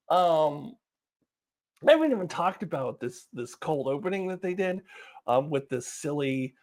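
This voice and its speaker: Animated woman reviewing a show. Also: sits low, a little slow, pauses often. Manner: animated, exasperated, laughs often. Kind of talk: casual spoken review.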